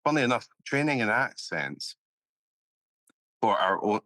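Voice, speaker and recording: A man's voice: on the low side, big pitch swings, unhurried, sharp tone. A man hosting an interview, hesitant with many fillers and restarts. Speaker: interview host, filmmaker. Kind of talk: casual interview conversation.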